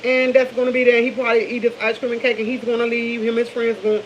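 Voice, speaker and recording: A woman's voice: fairly high pitch, level tone, racing, highs cut off, slight background noise. Middle-aged D.C. woman chatting candidly. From Washington, D.C. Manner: candid, rambling, with many restarts. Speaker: vlogger. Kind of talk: casual morning chat to camera.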